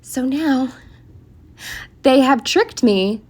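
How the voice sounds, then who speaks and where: A woman's voice: high-pitched, animated, very slow. Exasperated young woman, swearing rant. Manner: exasperated, swears a lot, rambling venting. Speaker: planner vlogger. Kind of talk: casual storytime rant.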